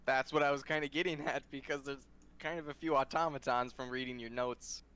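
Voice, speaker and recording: A man's voice: mid-range voice, fairly even intonation, brisk, fairly bright tone, clear, resonant tone. A man playing in a tabletop game, talking casually in a rambling, hesitant way with many restarts. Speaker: player.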